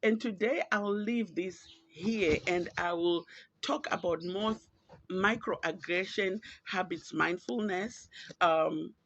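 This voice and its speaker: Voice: mid-range voice, slow pace, a bit bright, no echo. A podcast host from Zimbabwe, with a Zimbabwean accent, giving earnest, reflective and pointed solo commentary. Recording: dull lo-fi, dry.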